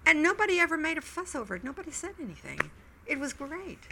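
An older woman, an interview guest, recounting memories in a reflective, halting way. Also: high voice, huge pitch swings, vocal fry, sharp tone. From Wilmington, Delaware, US. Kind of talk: oral history recollection.

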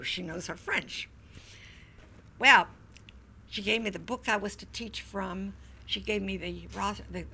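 An older woman, an interview guest, recounting memories in a reflective, halting way. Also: medium pitch, vocal fry, pushed and bright, slight background noise. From Wilmington, Delaware, US. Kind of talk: oral history recollection.

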